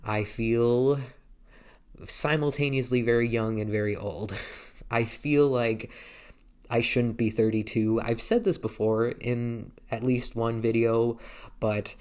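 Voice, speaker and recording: A man's voice: mid-range voice, steady tone, takes it slowly, a little mellow, smooth. A man in his thirties talking casually to a handheld camera, hesitant and rambling, with many restarts. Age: 30s. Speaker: vlogger. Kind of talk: casual vlog talk.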